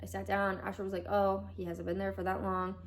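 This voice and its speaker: A woman's voice: medium pitch, monotone, a little fast, a little hiss or hum. A young woman vlogger recounting a hard personal story, chatty with lots of fillers, her voice rising as she nears tears.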